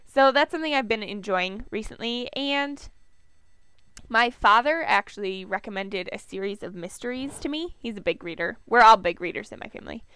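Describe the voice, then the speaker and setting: A woman's voice: fairly high pitch, expressive, normal speed, fairly bright tone, smooth, no room sound. A young woman with a Minnesotan accent, co-hosting a podcast in a chatty, rambling way. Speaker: podcast co-host. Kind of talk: casual chat.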